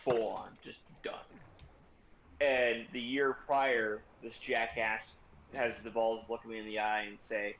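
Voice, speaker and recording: A young man streaming, telling a story in a casual, sarcastic and profane way, speeding up in quick bursts. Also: medium pitch, little pitch movement, a bit bright, lo-fi sound, a little hiss or hum.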